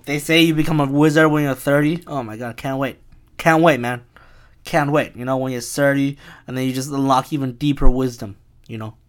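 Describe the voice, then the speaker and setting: A man's voice: medium pitch, fairly even intonation, fairly quick. Rambling, profane young man. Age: 20s. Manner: chuckling, profane, self-mocking. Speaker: podcast host. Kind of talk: rambling solo podcast rant.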